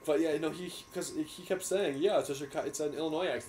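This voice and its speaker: A man's voice: a little high, expressive, fast, hardly any pauses, darkish tone, a little hiss or hum. A young man, rambling through stories with many restarts in a casual podcast chat. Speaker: podcast co-host.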